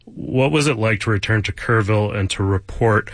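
A man's voice: fairly low pitch, normal speed, dry recording. A man hosting a public radio membership drive, earnestly thanking donors and praising a colleague. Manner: earnest, appreciative. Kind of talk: pledge drive appeal and interview.

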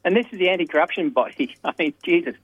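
Fast-ranting man on a phone line. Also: on the high side, animated, slightly rough, no echo. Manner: rapid, ranting, laughs mid-sentence. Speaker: caller.

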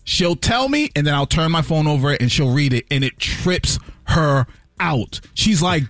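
A man co-hosting a morning radio show, telling stories in an earnest, animated way. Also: fairly high pitch, measured pace, no echo, clean studio sound. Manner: animated storyteller, lively and earnest. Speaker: radio co-host. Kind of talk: casual morning radio chat. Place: radio studio.

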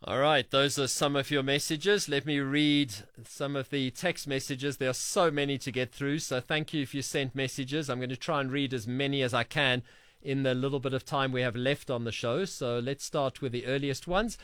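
A man's voice: mid-range voice, fairly even intonation, fairly bright tone, clean tone, dry recording, studio quality. A man hosting a radio sports show, reading listener messages and quiz answers aloud in a chatty way. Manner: chatty, reads names and quiz answers briskly.

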